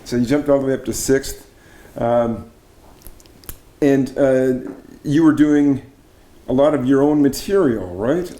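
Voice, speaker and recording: A middle-aged Canadian man, a barbershop arranger and judging chair, casually interviews a fellow singer, chatty and admiring, enthusiastic and often restarting his sentences. His warm, medium-pitched voice is unhurried with long pauses, in a roomy-sounding space.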